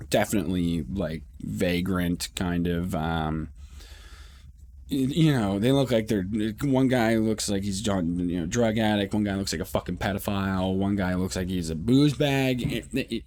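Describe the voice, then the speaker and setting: A man's voice: fairly low pitch, a little mellow. Rambling, profane man telling a story. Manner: profane, rambling, lots of fillers and restarts. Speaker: podcast host. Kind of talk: casual storytelling.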